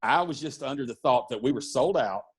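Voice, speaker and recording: A middle-aged man, a music and wrestling promoter, telling anecdotes in a casual podcast interview, lively and full of fillers. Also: medium pitch, a little fast, breathy edge. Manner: animated anecdote-telling with fillers and acted-out quotes.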